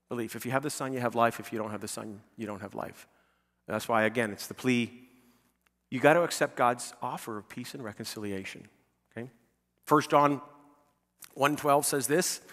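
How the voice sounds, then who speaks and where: A man's voice: mid-range voice, pushed and bright. A male pastor preaching a conversational sermon, often checking in with the congregation with "okay?" and "right?", and building to emphatic, pleading peaks. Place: church sanctuary. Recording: long church reverb.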